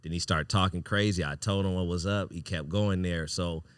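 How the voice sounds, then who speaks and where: A man hosting a podcast, telling a wild personal story in a casual, animated, profane way, often breaking into laughter. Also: low-pitched, moderate pace, smooth, dry recording, studio quality. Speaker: podcast host.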